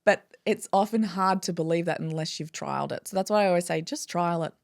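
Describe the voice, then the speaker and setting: A woman chiropractor talking in a casual interview, animated and acting out her own inner dialogue. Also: fairly low pitch, fast, vocal fry, no room sound, clean studio sound. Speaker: guest, chiropractor.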